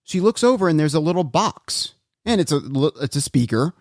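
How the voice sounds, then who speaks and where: A man co-hosting a podcast, recapping a documentary in casual chat with animated storytelling. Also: a little high, brisk, dry recording, studio quality. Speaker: podcast co-host.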